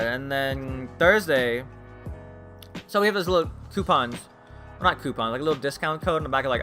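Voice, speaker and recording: A young man telling exasperated, laughing stories about his fast-food job in a casual vlog. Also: medium pitch, sharp tone. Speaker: vlogger.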